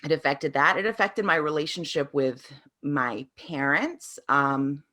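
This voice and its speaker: A woman's voice: deep voice, measured pace, pushed and bright. A woman answering interview questions as a parenting coach, telling her experiences in an earnest, reflective way.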